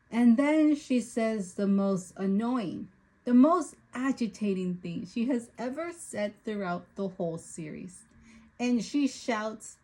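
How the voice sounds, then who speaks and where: A book reviewer gives a spoken review and recap of a book she has been listening to, retelling events before venting her frustration at the lead character. Her mid-range voice carries a faint husky edge, and she stays unhurried even as her exasperated rant at the plot builds. The recording is rough.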